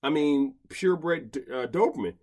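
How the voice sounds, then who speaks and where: A man's voice: fairly high pitch, animated, a little slow, darkish tone. A man hosting a casual podcast chat, talking in rambling bursts with many restarts and stammers. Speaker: podcast host, dog behavior expert.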